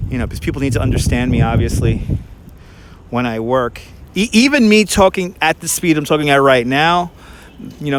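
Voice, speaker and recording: A man with a Brooklyn accent talks casually into a handheld phone while walking outdoors through a park. His voice sits a little high for a man, and he rambles quickly with frequent restarts, like a tour guide chatting with viewers. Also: a little hiss or hum. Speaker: tour guide and livestream host.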